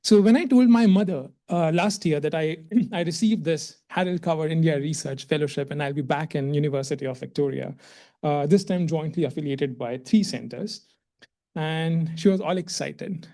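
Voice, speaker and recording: Male guest lecturer, warm and effusive, slightly high voice, repeats himself. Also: normal speed. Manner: effusive and emotional, repeats words while speaking. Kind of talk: public lecture.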